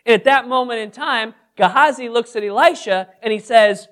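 A pastor leads a Bible study in a casual, conversational style, often asking the group questions and tossing in self-deprecating asides. His voice is high-pitched and a bit bright, moving at a moderate pace with hardly any pauses.

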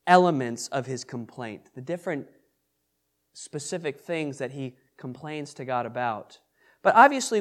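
A man's voice: a little high, darkish tone. A man teaching an interactive Bible study, asking the group questions and repeating their answers. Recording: echoey room with background noise.

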